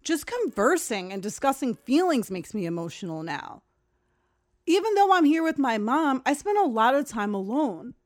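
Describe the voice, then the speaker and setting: A woman's voice: high voice, normal speed. Candid, profane storytelling woman. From Long Island, New York. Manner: candid, profane, animated retelling with quoted voices. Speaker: podcast host. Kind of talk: casual storytelling monologue.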